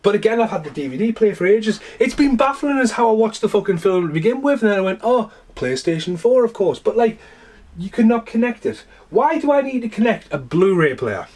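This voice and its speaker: A man's voice: high voice, very animated, fairly quick, a little mellow. A man ranting casually and animatedly in a vlog, exasperated and swearing freely. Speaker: vlogger.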